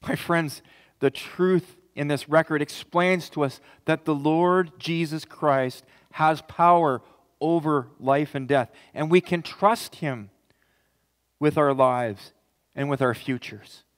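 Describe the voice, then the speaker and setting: A man's voice: fairly high pitch, takes it slowly. A man preaching as pastor, reading scripture aloud and then building to an impassioned close. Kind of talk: sermon. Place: church sanctuary. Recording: reverberant church hall.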